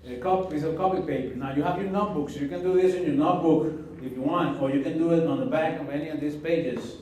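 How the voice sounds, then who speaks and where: A man leading a teacher training workshop in a classroom, talking in a casual, halting way with many fillers and restarts. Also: on the high side, fairly even intonation, a little mellow, a little hiss or hum. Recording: echoey room from far off.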